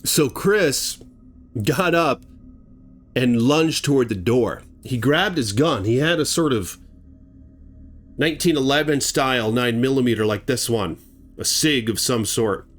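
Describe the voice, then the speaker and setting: A man's voice: medium pitch, measured pace, fairly bright tone, faint music behind. A man telling a chilling true story in a casual, dramatic way, with vivid asides to his viewers. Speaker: horror storyteller.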